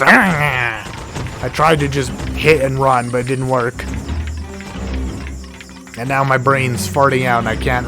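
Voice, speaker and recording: A man with a middling pitch talks through a video game in loose, rambling commentary, correcting himself mid-sentence and tossing in jokey asides. His voice is wearing out and turning hoarse, cracking now and then. Game music plays clearly behind him. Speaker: let's play host. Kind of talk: casual gameplay commentary. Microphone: desk mic with a cable that gets knocked.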